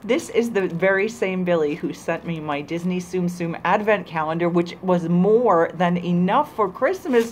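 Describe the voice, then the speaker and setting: A young adult woman vlogger unboxing a gift, gushing and excitable, squealing with delight. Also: low-pitched, slight background noise, low-quality recording.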